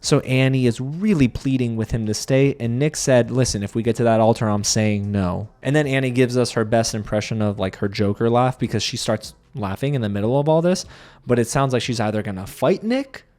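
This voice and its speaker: A man's voice: medium pitch, a little fast, darkish tone. A man giving a casual, sarcastic recap of a reality show, talking straight to his viewers with lots of animation.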